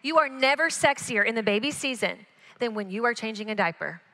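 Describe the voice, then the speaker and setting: A woman's voice: a little high, expressive, a little fast, sharp tone. A woman speaking as a guest on a church stage, talking frankly and encouragingly to the audience about marriage. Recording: echoey church hall.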